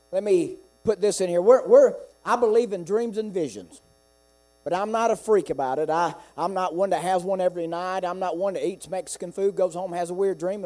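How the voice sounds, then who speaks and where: A man preaching a sermon and telling a personal testimony, repeating himself and building into fervent, loud preaching. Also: high voice. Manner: repeats words and restarts often. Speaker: pastor.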